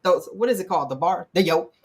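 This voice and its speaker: A middle-aged woman hosting a casual talk show, animated and acting out quotes in playful voices. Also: lowish voice, quick pace. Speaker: podcast host. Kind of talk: casual chat.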